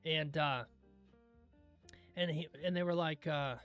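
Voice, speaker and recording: A young man hosting a livestream in casual chat, laid-back and rambling into stories, often clearing his throat. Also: on the high side, fairly even intonation, slow, pauses often, fairly bright tone, faint music behind. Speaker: livestream host.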